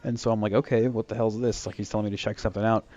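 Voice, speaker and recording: A young man casually tells a long, rambling story packed with fillers and restarts, raising his voice to act out quoted lines. His fairly low, mellow voice is flat in delivery and very fast, and the audio sounds dull.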